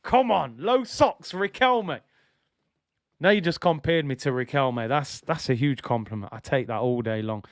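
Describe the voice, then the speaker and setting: A young man chatting through a live football watch-along, excitable and nostalgic, full of slangy banter. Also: mid-range voice, unhurried, dry recording, studio quality.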